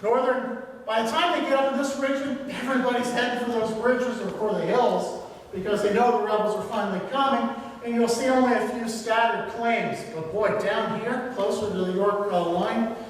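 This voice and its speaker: A man's voice: very high voice, steady tone, moderate pace, a little hiss or hum. A man giving a local history talk, telling the story conversationally with filler words, recorded from a distance in a hall. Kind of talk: public history lecture. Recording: echoey hall from far off, faint ambience.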